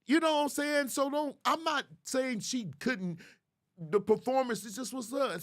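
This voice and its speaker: An animated male host, lecturing viewers in casual commentary. His pitch runs a little high and swings widely. The sound is dry and close. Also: dry recording. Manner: animated, preachy, talks straight to viewers.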